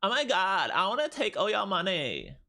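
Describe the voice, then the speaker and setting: A man voicing a whiny young female valley girl, in an exaggerated high-pitched whine. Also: huge pitch swings, moderate pace, creaky, bright, forceful tone, exaggerated voice.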